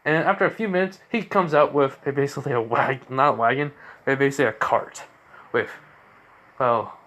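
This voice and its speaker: A man's voice: mid-range voice, fairly quick, a bit bright. A man improvising a fan-fiction story aloud, rambling with many fillers and self-corrections.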